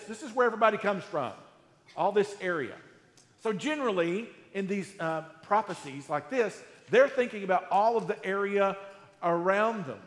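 A man preaching a sermon to a live congregation in a conversational, animated way, asking them questions. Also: high-pitched. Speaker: pastor. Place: church hall with live congregation. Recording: echoey hall, roomy reverb.

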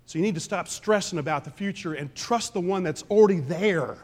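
A pastor preaching a conversational sermon, swinging between loud emphasis and quiet asides. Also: male voice, high voice, brisk. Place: church sanctuary.

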